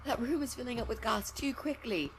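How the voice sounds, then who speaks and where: A soft-spoken young woman from a video game, voiced by an actress, tender and self-sacrificing. Very loud music almost buries her voice. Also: on the high side, a little fast, close to an everyday voice. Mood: pleading.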